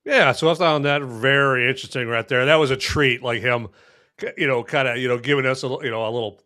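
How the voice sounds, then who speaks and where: A man's voice: medium pitch, fast, bright, forceful tone. A man hosting a casual podcast chat about movies, chatty and full of fillers. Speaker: podcast host.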